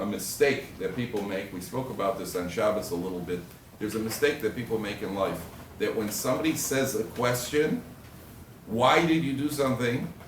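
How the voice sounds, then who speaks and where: Rabbi, distant echoey lecture room. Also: male voice, lowish voice, slight background noise. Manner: animated storytelling, acts out quoted husbands and wives, jokey asides. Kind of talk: Torah class lecture. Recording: echoey room recorded from afar, faint ambience.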